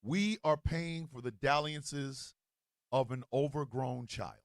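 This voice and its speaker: A male show host with a mix of New Jersey and Missouri accents who gives a loud, profane political rant, with bursts of shouting. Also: medium pitch, slow pace, no echo, clean studio sound.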